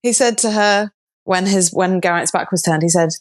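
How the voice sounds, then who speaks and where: A woman's voice: on the low side, moderate pace. A middle-aged woman from Wales retelling a legend in casual chat, playful and giggly, acting out the characters' lines. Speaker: guest storyteller.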